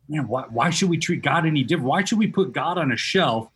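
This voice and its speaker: A man's voice: fairly high pitch, lively intonation, fast talker, a bit bright, slight background noise. A man who is a former baseball chaplain, talking about faith in an emphatic, preachy way and repeating key phrases. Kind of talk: casual faith chat.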